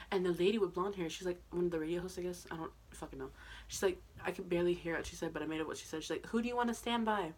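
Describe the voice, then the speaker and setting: A young woman telling a story in a casual vlog, excitable and chatty, swearing freely and full of fillers. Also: lowish voice. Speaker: vlogger.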